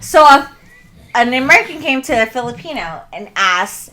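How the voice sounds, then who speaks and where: A woman in casual podcast banter who laughs a lot and throws quick jabs at the others. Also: a little high, fairly bright tone. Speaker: podcast co-host.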